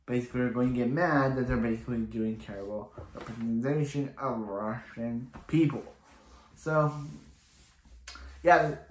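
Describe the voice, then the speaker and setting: A man's voice: mid-range voice, reverberant. A man reviewing a TV episode in a casual, rambling recap full of restarts and filler words.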